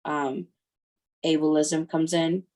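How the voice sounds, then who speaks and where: A woman's voice: sits low, extremely slow. A woman from Ukraine, a guest in a casual interview, telling stories and acting out the voices of people she quotes. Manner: lively storytelling that acts out quoted voices. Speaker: guest, mother.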